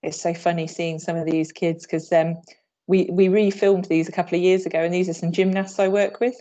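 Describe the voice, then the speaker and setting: A woman's voice: fairly low pitch, little pitch movement, fairly quick, dark tone. Woman, from England, upbeat, PE trainer, video call presentation. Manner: upbeat, demonstrates moves while talking. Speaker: PE trainer leading a teacher workshop.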